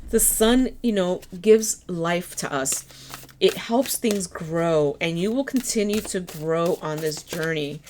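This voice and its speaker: A woman giving a tarot reading in a gentle, encouraging way, her voice slightly hoarse. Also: lowish voice, takes it slowly, slight background noise. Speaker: tarot reader.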